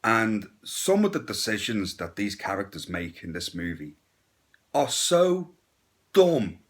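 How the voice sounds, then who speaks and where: A man's voice: fairly low pitch, big pitch swings, slow pace, fairly bright tone. A man giving a casual, blunt and crude horror movie review, with sarcastic asides.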